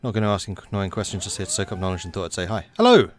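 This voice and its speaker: A man's voice: low-pitched, little pitch movement, very fast. A man giving casual, wry commentary while playing a strategy game and chatting to his units. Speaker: let's play commentator.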